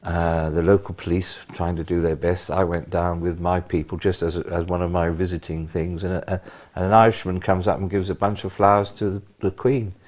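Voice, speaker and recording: An older man, a retired police officer, telling animated stories in an interview with bursts of emphasis. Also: sits low, a little fast, few pauses. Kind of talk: anecdotal interview.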